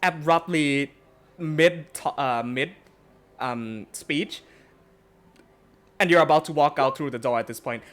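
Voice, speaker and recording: A man's voice: on the high side, slow, pauses often, fairly bright tone. Laughing, rambling game master man. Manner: laughing often, loose and rambling. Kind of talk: narrating a tabletop game.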